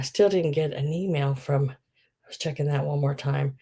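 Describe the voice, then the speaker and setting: A woman's voice: low-pitched, moderate pace, mellow, husky. A middle-aged woman, chatting casually on a live sale stream, gushing and trailing off with ums.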